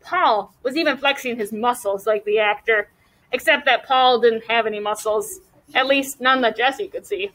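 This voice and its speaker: A woman teacher reading a chapter book aloud to a class, expressively, pausing to ask the class questions. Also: on the high side, a bit bright, poor audio.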